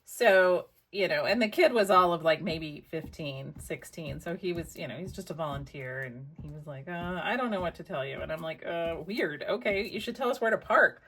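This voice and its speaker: Chatty American woman, low voice. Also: expressive, normal speed, hardly any pauses, a bit bright, husky. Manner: chatty, rambling, muttering asides to herself. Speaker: crafting vlogger. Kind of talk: casual storytelling while crafting.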